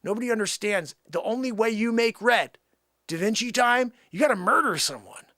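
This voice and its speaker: A man playing a boastful male time traveler who claims famous past lives, rambling with shouting outbursts. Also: sits high, expressive, normal speed, no room sound, studio quality, pitched above the performer's own voice. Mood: manic boasting.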